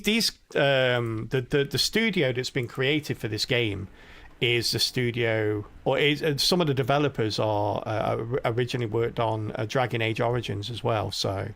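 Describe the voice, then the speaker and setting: A man's voice: medium pitch, vocal fry, fairly bright tone. A middle-aged man streaming a game live, rambling and thinking aloud as he plays. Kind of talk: live gameplay commentary.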